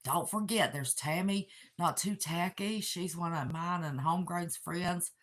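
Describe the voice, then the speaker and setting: A woman's voice: fairly low pitch, measured pace, a bit bright. A woman, chatting emotionally with viewers on her livestream. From West Virginia. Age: 60s. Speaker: channel host. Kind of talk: casual livestream chat. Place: apartment.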